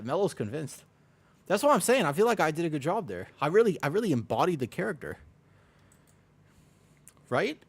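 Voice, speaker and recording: A man streaming a game, chatting casually in a rambling, self-mocking way, with many restarts and laughs. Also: a little high. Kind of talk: casual live-stream chat while gaming.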